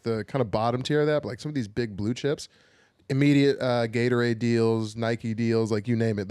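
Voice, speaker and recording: A man's voice: mid-range voice, no room sound. Casting: young male podcast co-host, rambling profane storyteller, dry close sound. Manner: rambling, profane, animated storytelling with put-on whiny voices. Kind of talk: casual chat.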